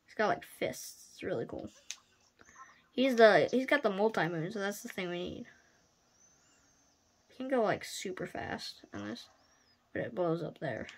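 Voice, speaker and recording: A woman's voice: medium pitch, expressive, a little slow, long pauses. A woman giving casual, playful commentary while playing a video game, often crying out at what happens. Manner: playful, exclaims and cries out at the game.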